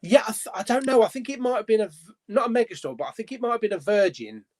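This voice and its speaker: A man's voice: high voice, sing-song, fast, darkish tone. A man hosting a casual live-stream chat, bantering and swearing casually. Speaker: host.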